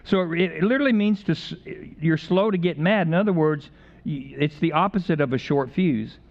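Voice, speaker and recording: A man's voice: on the high side, moderate pace. Guy preaching, chatty and joking around, kinda dull lo-fi sound. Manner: conversational preaching with humor and repeated phrases. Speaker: pastor. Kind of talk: sermon.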